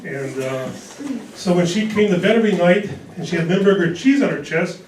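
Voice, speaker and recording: Older man doing deadpan stand-up. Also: high-pitched, brisk, slight background noise. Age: 60s. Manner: deadpan punchline delivery with dry one-liners. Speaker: stand-up comedian. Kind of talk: stand-up comedy set. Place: comedy club stage. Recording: echoey club recorded from a distance. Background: audience laughter.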